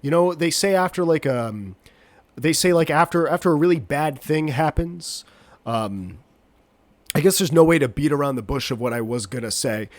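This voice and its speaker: Rambling and self-deprecating, a podcast host chats on his own while recovering from a cold, his voice congested and nasal. He speaks on the high side, animated and at normal speed, with no room sound.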